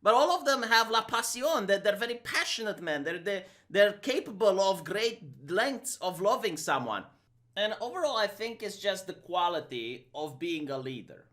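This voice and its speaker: Sarcastic Romanian-accented man, lively voice. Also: sits high. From Eastern Europe. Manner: sarcastic, argumentative, quick mock impressions. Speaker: streamer. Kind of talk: opinion vlog monologue.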